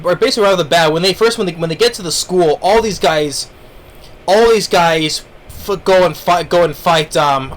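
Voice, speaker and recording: A man's voice: on the high side, fairly bright tone. A man giving a casual spoken review of an anime, rambling along with lots of fillers and restarts. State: eating while talking.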